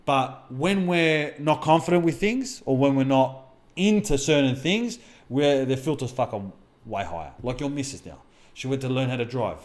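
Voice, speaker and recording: Medium-pitched with lively intonation, this middle-aged man keeps a moderate pace. As a podcast co-host and mindset coach, he tells stories from his own life in casual chat, blunt and swearing often.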